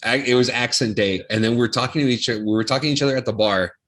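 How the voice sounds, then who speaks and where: A man's voice: mid-range voice, rapid-fire, a bit bright. A man co-hosting a podcast, telling a story in a laid-back, casual way with casual swearing. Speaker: podcast co-host. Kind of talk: casual chat.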